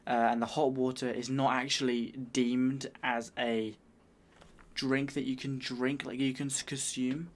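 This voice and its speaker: A man's voice: medium pitch, a little slow. British man in casual reaction chat. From United Kingdom. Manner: relaxed, chatty asides, agreeing readily. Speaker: reaction video host.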